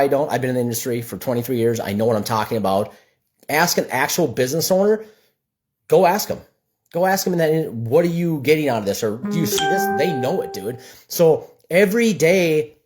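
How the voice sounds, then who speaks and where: A man from Minnesota who runs a gutter business, talking bluntly to camera in a casual, animated rant. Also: a little high.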